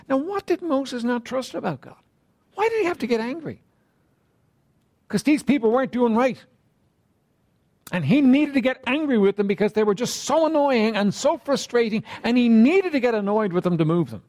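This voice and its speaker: A man preaching a sermon in a conversational way, asking rhetorical questions and often clearing his throat. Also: extremely high pitch, expressive, moderate pace, a little mellow.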